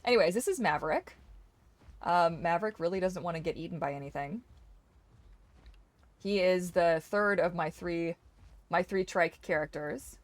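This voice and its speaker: A young woman streamer giving casual gameplay commentary, chatty, swearing freely and exclaiming loudly at the game. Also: lowish voice, normal speed, long pauses, no room sound. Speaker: gaming streamer.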